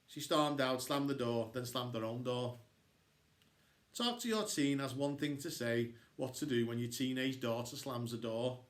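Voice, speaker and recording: A man reading a children's novel aloud, expressive and switching into character voices. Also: medium pitch, a little slow. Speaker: storybook reader. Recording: echoey room.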